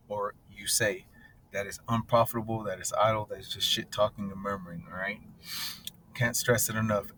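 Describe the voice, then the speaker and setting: A man's voice: medium pitch, a bit bright, slight background noise. A man teaching scripture in a blunt, casual, profane way, often asking "right?". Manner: blunt and profane, tags lines with "right?" and "bro".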